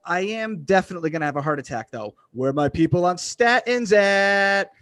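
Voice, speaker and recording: A man from Western Massachusetts doing a deadpan, self-deprecating stand-up set over a video call. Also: sits high, moderate pace, no room sound. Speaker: stand-up comedian.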